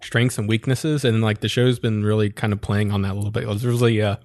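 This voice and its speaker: A man's voice: lowish voice, flat delivery, fast, darkish tone, no room sound, clean studio sound. A man chatting casually about an anime on a podcast, laid-back and a bit hesitant. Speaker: podcast co-host.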